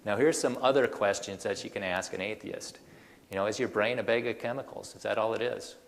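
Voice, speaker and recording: Gravelly-voiced male speaker, animated and folksy, lots of rhetorical questions, long hall reverb. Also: fairly low pitch, brisk. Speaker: creationist speaker. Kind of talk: presentation to an audience.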